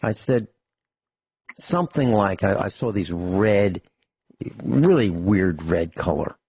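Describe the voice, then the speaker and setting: A middle-aged man chats on a talk radio show, his voice slightly husky and close to a dry studio mic. He rambles through stories with many restarts and slips in dry jokes. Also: fairly low pitch, animated, takes it slowly, a little mellow, no room sound. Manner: rambling storyteller, frequent restarts, dry humor. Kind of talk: casual radio chat.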